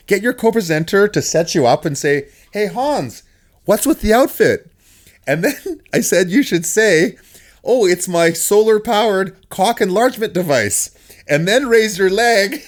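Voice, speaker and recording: Man, middle-aged, podcast host, animated storyteller, laughs a lot, slightly higher voice. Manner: animated, laughs often while telling stories. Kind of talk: casual storytelling chat.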